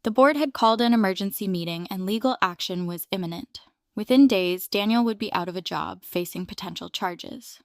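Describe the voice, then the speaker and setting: A woman's voice: medium pitch, fairly quick, no echo, studio quality. A woman reading a first-person revenge story aloud as a scripted narration.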